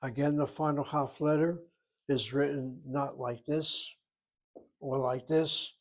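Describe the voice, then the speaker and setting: A man teaching a Hebrew grammar lesson, sounding out words slowly and repeating them for his students. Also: mid-range voice, fairly even intonation, rough recording.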